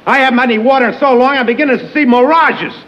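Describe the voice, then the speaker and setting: An actor playing a sarcastic, blustering middle-aged tenant in a 1950s TV sitcom, with mocking, theatrical sarcasm. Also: male voice, extremely high pitch, very fast, muffled recording. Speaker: sitcom character.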